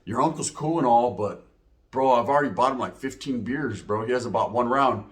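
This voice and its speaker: A man's voice: mid-range voice, normal speed, pitched below the performer's own voice, close to an everyday voice. A man doing a grumbling fed-up buddy. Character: fed-up male friend who paid for everything.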